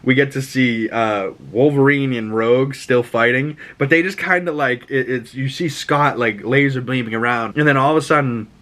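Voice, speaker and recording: A man's voice: mid-range voice, moderate pace, few pauses, a bit bright. A man with a Boston accent hosting a podcast, recapping an episode casually, rambling, swearing and acting out characters' lines. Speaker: podcast host.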